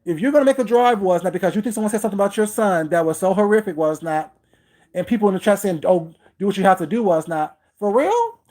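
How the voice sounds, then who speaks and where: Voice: medium pitch, fast, a little mellow. A livestream host delivering a heated, confrontational rant, repeating points and breaking off to greet viewers by name.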